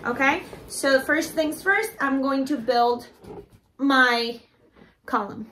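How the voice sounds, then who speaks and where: Woman, DIY tutorial, balloon decorator, chatty, slow-paced, faint background noise. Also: high-pitched, pushed and bright. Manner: chatty, keeps addressing viewers as "you guys"; gushing over her work.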